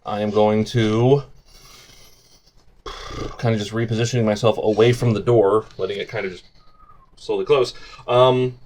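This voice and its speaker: A man's voice: lowish voice, steady tone, normal speed, long pauses, darkish tone, a little hiss or hum. Wry man tabletop player. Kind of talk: tabletop game play.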